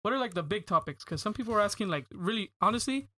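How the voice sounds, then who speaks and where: A man's voice: sits high, lively intonation, fast talker, pushed and bright, no room sound. A young man hosting a podcast in casual chat, rambling and filling his talk with "like" and "dude". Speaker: podcast host.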